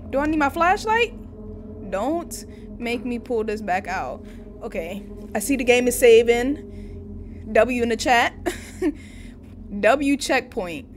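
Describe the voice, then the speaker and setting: Excitable woman yelling through a horror game. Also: on the high side, takes it slowly, slight background noise. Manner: excitable, yelps and shouts when startled, chatty to viewers. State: slightly losing her voice. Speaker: gaming channel host. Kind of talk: casual horror game commentary. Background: game music.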